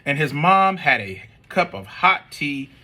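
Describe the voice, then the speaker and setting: A man's voice: on the high side, a little slow. A man reading a children's storybook aloud and chatting with students about it. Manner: expressive, chatty.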